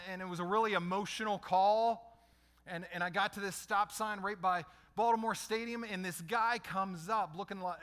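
A man's voice: sits high, bright, forceful tone. A middle-aged man preaching a conversational sermon as a pastor, putting questions to his listeners.

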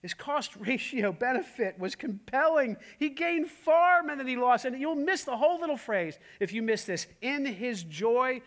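High-voiced male pastor, emphatic sermon delivery, full of rhetorical questions. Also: lively intonation, moderate pace, hardly any pauses. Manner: emphatic, swings between loud and hushed, many rhetorical questions.

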